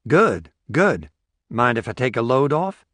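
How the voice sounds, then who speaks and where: A man's voice: mid-range voice, big pitch swings, measured pace, a bit bright, no echo. A man voicing an adult male reporter who asks friendly, offhand questions. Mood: casual.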